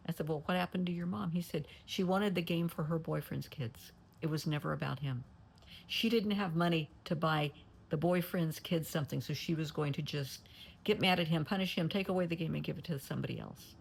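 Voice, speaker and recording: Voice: mid-range voice, fairly quick, gravelly, breathy edge. A therapist retelling a client's story, getting emotional and dropping to a near whisper at times. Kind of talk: telling a story.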